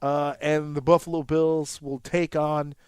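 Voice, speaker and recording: A man in his thirties co-hosting a casual podcast, telling a sports story in an animated, profane way and jumping up sharply in pitch when excited. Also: a little slow, clear, resonant tone, no room sound. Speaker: podcast co-host.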